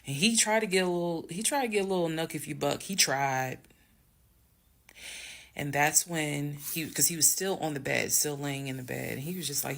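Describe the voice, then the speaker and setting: Emphatic woman with gravelly creak. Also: deep voice, normal speed, fairly bright tone. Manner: emphatic, dramatic, talks straight to viewers. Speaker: storyteller. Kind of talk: casual storytime monologue.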